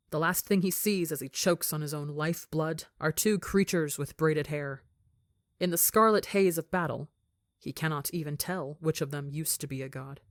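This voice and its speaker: A woman reading a story aloud in a measured, dramatic way that grows hushed in its quiet moments. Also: low-pitched, no room sound, clean studio sound. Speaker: story reader.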